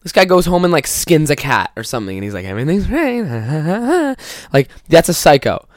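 A man's voice: medium pitch, sing-song, fast, no echo, clean studio sound. A young man hosting a podcast, ranting casually with lots of swearing and mocking impressions of people he quotes. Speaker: podcast host. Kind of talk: casual comedic rant.

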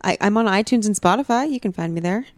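A woman's voice: mid-range voice, fast, no room sound. A woman guesting on a podcast, talking tentatively and rambling with many fillers. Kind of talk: casual podcast chat.

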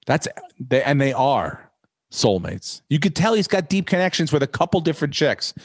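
A man hosting a podcast, ranting in a profane, rambling, animated way. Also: a little high, normal speed, slightly rough, dry recording. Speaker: podcast host. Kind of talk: casual podcast chat.

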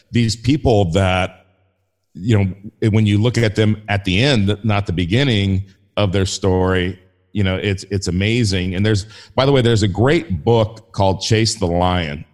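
A man's voice: fairly low pitch, a little mellow. A man talking as a guest in a casual faith conversation, enthusiastic and rambling with frequent restarts. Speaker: podcast guest.

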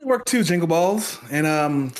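A man's voice: a little high, expressive. A young man co-hosting a podcast, chatting casually, joking and riffing. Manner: joking, riffing, quick asides. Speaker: podcast co-host. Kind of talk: casual chat.

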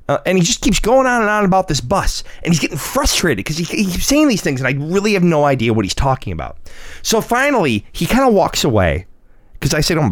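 Lively, animated man telling stories. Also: a little high, quick pace, no room sound. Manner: animated storyteller, acts out his son's lines. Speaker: co-host. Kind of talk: casual chat.

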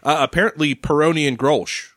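A man's voice: on the high side, fairly even intonation, a little fast, a bit bright, no echo. A man co-hosting a casual podcast, steadily reading out news items with dry replies. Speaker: podcast co-host. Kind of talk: casual chat.

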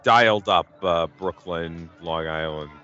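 A man's voice: sits low, unhurried, sharp tone, clean tone, lo-fi sound. A man co-hosting a casual movie commentary, making wry, laughing asides. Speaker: podcast co-host.

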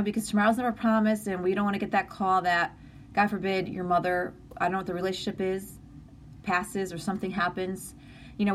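A woman's voice: mid-range voice, a little hiss or hum. A middle-aged woman hosting a live stream, talking in an earnest, emotional, encouraging way, with many restarts, and reading out viewer comments. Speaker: livestream host.

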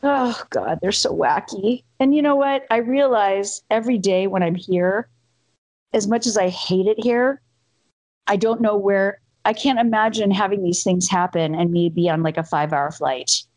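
A middle-aged woman co-hosting a casual chat, telling an animated story and acting out the quotes. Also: mid-range voice, dry recording, rough recording. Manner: animated, acts out quotes, quick asides.

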